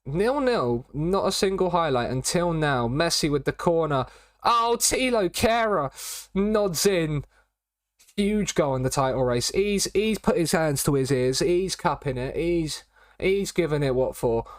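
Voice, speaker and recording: A man's voice: on the high side, expressive, measured pace, no room sound, clean studio sound. Chatty man streaming a game. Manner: chatty, rambling, repeats catchphrases. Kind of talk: casual live-stream commentary.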